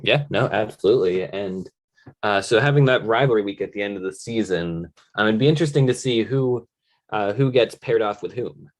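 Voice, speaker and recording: A man's voice: fairly low pitch, moderate pace. A young man co-hosting a fantasy league podcast, talking casually and often hesitating to search for words. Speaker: podcast co-host.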